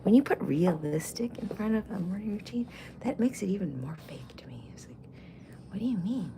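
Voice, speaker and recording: A woman's voice: mid-range voice, very animated, brisk, vocal fry, noisy background. A woman in her forties chatting casually and profanely to camera as a vlogger, full of jokey asides. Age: 40s.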